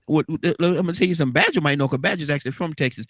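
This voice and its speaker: A man's voice: fairly high pitch, very fast, a bit bright, no echo, studio quality. A man hosting a casual morning talk show, rambling and repeating his words. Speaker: host.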